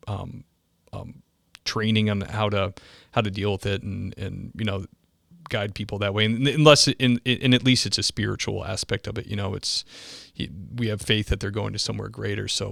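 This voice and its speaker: A man's voice: fairly low pitch, vocal fry, fairly bright tone, no room sound, clean studio sound. A man hosting a podcast, chatting casually and loosely with lots of fillers. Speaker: podcast host. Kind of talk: casual interview talk.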